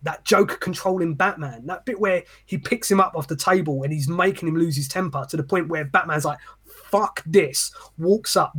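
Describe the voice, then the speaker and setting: A man on a podcast, ranting and swearing in animated casual chat. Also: a little high, husky. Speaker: podcast co-host.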